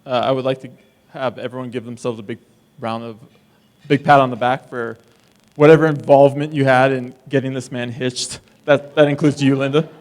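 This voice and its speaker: A man's voice: mid-range voice, fairly even intonation, fairly quick, a little mellow. A man gives a best man's toast at a wedding reception held in a distillery. He talks in a teasing, wisecracking way, ribbing the groom and the guests as he goes. His voice sits in a middle range for a man. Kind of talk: joking wedding speech.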